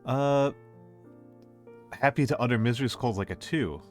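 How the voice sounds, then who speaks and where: A man streaming as a VTuber, chatting casually with his live viewers in a rambling, gently playful way, often repeating his own phrases. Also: mid-range voice, moderate pace, faint music behind.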